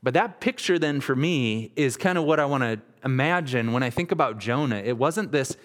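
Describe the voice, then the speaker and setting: A man's voice: mid-range voice, animated, normal speed, in a large hall. A man in his thirties, a pastor giving an earnest, conversational sermon with frequent restarts. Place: church sanctuary.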